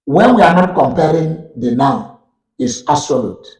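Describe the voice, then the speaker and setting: A man's voice: a little high, animated, a little mellow, distant mic. Nigerian man lecturing in an echoey room. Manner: slow, repetitive explaining. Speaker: university lecturer. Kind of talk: live online lecture on English grammar.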